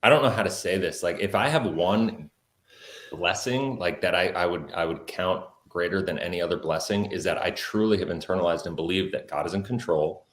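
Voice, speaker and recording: Male guest, low voice, earnest storyteller, echoey room. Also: a little fast. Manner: earnest, many fillers like "like". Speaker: podcast guest, entrepreneur. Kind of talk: personal storytelling in an interview.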